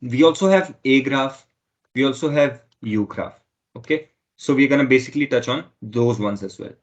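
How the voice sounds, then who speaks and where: Male French tutor, mid-pitched, explains each point patiently and repeats himself, on a slightly dull recording. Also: moderate pace. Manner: explains step by step, often repeating himself with "okay". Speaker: French teacher. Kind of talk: online language lesson.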